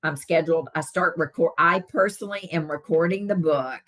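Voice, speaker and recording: Casting: middle-aged Southern woman, low voice, chatty live-stream host answering comments. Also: fairly quick, fairly bright tone. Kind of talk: casual live-stream chat with viewers.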